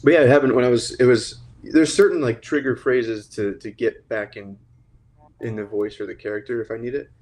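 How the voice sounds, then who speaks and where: A man's voice: medium pitch, steady tone, a little fast, darkish tone. An American man chatting as a guest, hesitant and filler-heavy, speaking from his home recording space. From United States. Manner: hesitant, lots of ums and likes. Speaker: guest, cartoon creator. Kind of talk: casual chat.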